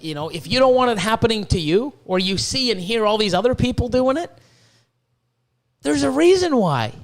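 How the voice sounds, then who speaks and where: Heated, cursing man on a podcast. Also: high voice. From Canada. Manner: profane, worked-up, repetitive stammering restarts. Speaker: podcast host. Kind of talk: casual ranting podcast talk.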